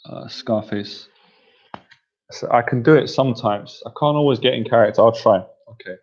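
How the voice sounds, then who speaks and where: A man's voice: mid-range voice, fast talker. A man coaching a group on dating, in a chatty, playful way with frequent laughter. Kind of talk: casual coaching talk to a group. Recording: dull lo-fi recording.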